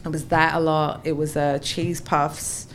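A woman from England with a South London accent, a podcast guest telling animated stories in casual chat, often laughing. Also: low voice, measured pace, slight background noise. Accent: South London English. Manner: animated storytelling with frequent laughter.

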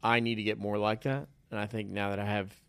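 A man hosting a podcast in a relaxed, self-deprecating way. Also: lowish voice, fast talker, creaky, smooth, dry recording. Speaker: podcast host. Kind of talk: casual chat.

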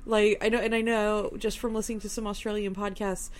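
A woman, co-hosting a casual movie discussion and joking with quick asides. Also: medium pitch, flat delivery. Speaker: podcast co-host.

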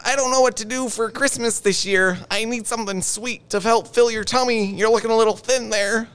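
Brief: squeaky fussy male Christmas elf for a comedy sketch, high chirpy voice, as a man puts it on. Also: fairly even intonation, brisk, a bit bright, smooth. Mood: pleading.

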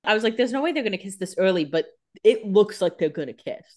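A woman co-hosting a podcast, chatty and reactive, adding quick comments while recapping a TV episode. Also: mid-range voice, expressive, darkish tone. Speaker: podcast co-host. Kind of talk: casual recap chat.

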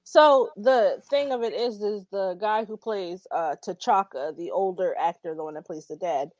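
A woman's voice: medium pitch, normal speed, a little mellow, dry recording, dull audio. A woman on a podcast, explaining points in casual chat and joking along with the others.

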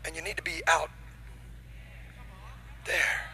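A man preaching from the stage of a church auditorium, his voice pitched high and very bright and cutting. He swings between quiet, intimate points and shouted, rising climaxes, with faint noise underneath. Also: flat delivery, takes it slowly, gravelly, low-quality recording. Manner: playful banter with the congregation. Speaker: pastor. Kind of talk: sermon.

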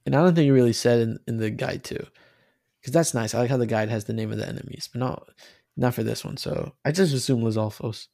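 A man co-hosting a casual podcast, rambling about a video game with animated, swearing talk and many restarts. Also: mid-range voice, fast talker, creaky, dry recording, clean studio sound. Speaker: podcast co-host.

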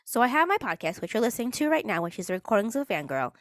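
Woman, podcast host, sarcastic rant, exasperated, swears a lot, animated pitch. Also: rapid-fire, no echo, studio quality.

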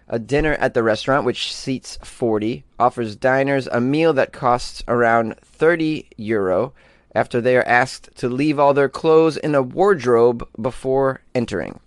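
A man hosts a weird news show and reads each strange story before cracking jokes about it. He delivers it in an animated, laughing way and sits at a medium pitch. The sound is dry and close, with no room echo. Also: a little slow. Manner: animated, jokey, laughs at his own lines. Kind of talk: comedic news commentary.

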